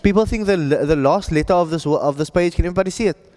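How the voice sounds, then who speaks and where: Teacher, male, patient, keeps checking the class follows; high-pitched, room echo. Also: quick pace, darkish tone. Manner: patient, checks in with students often. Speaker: Arabic reading teacher. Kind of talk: classroom lesson.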